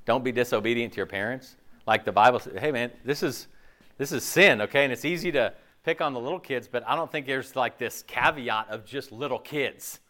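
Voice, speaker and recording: Animated conversational male pastor. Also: medium pitch, a little fast. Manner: conversational, animated, acts out imagined listeners' reactions; frequent "okay?" and "like" fillers. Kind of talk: sermon.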